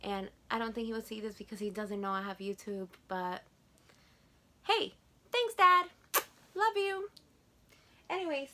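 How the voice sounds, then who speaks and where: A woman's voice: mid-range voice, a bit bright, a little hiss or hum. A woman in her twenties with a Spanish accent, chatting to camera in a casual haul vlog, gushing and repeating words for emphasis. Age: 20s. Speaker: vlogger.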